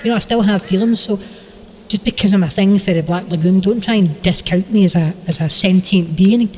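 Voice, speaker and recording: A man's voice: high-pitched, a little fast, in a large hall, slight background noise, lightly acted, rough recording. A man voicing a defensive, easily offended swamp monster that talks casually. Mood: touchy. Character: sulky, touchy male swamp monster.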